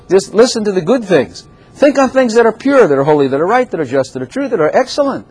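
Husky pastor preaching. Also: male voice, sits high, a little fast, rough recording. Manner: animated, laughing asides, repeats phrases for emphasis. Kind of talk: sermon.

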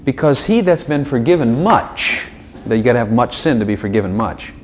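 Male preacher, mid-pitched, swoops up and down, chatty asides to the room, faint low rumble behind. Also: brisk. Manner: animated, talks directly to listeners with frequent asides and acted dialogues. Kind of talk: informal sermon to a small group.

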